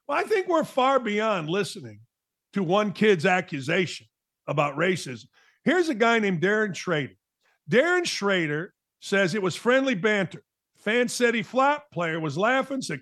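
Blunt high-voiced sports talk host. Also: male voice, expressive, measured pace, fairly bright tone. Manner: blunt, emphatic, mocking, says "blah, blah". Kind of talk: opinionated sports talk monologue.

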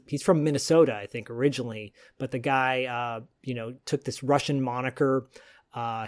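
Rambling man telling a story. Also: mid-range voice. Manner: rambling, digressive storytelling with fillers. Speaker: podcast host. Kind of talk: casual chat.

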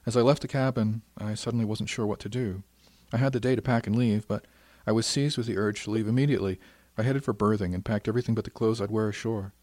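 A man reading a first-person science fiction story in a measured, reflective way. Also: fairly low pitch, fairly even intonation, darkish tone, dry recording. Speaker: audiobook narrator. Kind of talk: scripted first-person narration.

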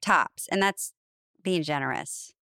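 A woman's voice: low voice, slow pace, bright, forceful tone, smooth, no echo, clean studio sound. A woman co-hosting a podcast in casual chat, a chatty storyteller who laughs easily and says "like" often. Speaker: podcast co-host.

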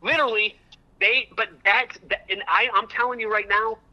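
A man calling in to a talk show, telling a long story in an excitable, rambling way and repeating himself. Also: high-pitched, moderate pace, lo-fi sound. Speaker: guest comedian. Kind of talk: animated storytelling on a call-in show.

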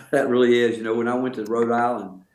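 An older man with a Southern American accent, a college basketball coach answering interview questions in a folksy, measured way. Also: mid-range voice, flat delivery, reverberant, low-quality recording. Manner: folksy, measured, with filler words.

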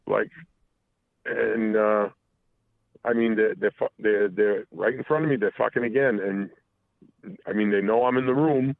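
Here a caller on a talk show, a man, rambles through an honest story about himself, full of false starts and profanity. His pitch is fairly low and his pace measured, with a creaky texture and long pauses. It's a phone call with a tinny line and no echo.

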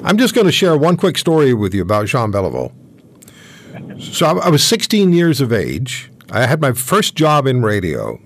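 A man in his seventies, hosting an interview and telling stories in a chatty, animated way. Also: mid-range voice. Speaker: host. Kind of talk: casual interview chat.

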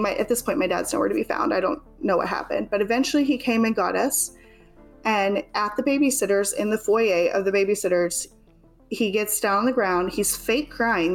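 Young woman telling a personal story. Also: medium pitch. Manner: casual, halting, many fillers. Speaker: interview guest.

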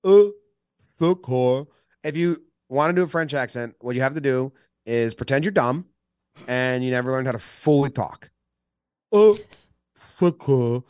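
A man's voice: medium pitch, a little fast, no room sound. Joking man on a dry podcast mic. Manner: jokey, mock accents for laughs. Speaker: podcast co-host. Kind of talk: casual sports podcast banter.

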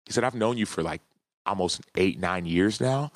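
Male podcast guest, 30s, deep voice, earnest and heartfelt, dry close sound. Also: normal speed, no echo. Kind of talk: casual interview storytelling.

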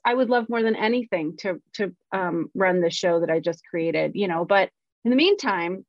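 A woman's voice: on the low side, no echo. A woman co-hosting a podcast, talking candidly and reflectively about her working life as a screenwriter. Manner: earnest, self-reflective, openly emotional at times. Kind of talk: candid casual chat. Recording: dry, dull lo-fi audio.

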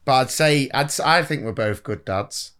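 A man's voice: mid-range voice, normal speed, a bit bright. A middle-aged man co-hosting a podcast in casual chat, joking and teasing, laughing often. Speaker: podcast co-host.

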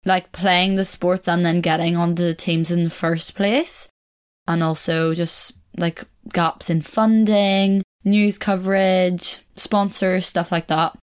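Young female podcast host, somewhat low-pitched, loose chatty delivery that wanders and second-guesses itself. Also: fairly even intonation, slow, clean tone. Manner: rambling, chatty, corrects herself, laughs often. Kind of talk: casual solo podcast chat.

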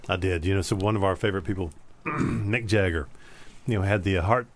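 A man's voice: deep voice, fairly quick. A man co-hosting a radio show, mostly giving brief chuckling reactions before telling a story of his own. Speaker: radio co-host. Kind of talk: casual chat.

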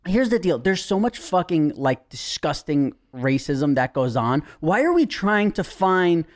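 A man's voice: a little high, sing-song, measured pace. A man chatting as a podcast guest, ranting and mocking with plenty of swearing. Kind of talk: casual chat.

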